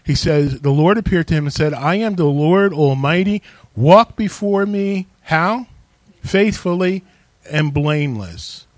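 A man preaching with emphatic energy, urging his listeners to answer back. His voice sits a bit on the higher side. The sound is dry and close, with no room echo. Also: animated, measured pace. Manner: emphatic, calls on the congregation to respond. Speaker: pastor. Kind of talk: sermon.

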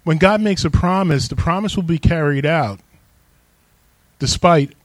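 A man's voice: fairly high pitch, measured pace, no echo. A man preaching a sermon as pastor, emphatic and calling on the congregation to respond.

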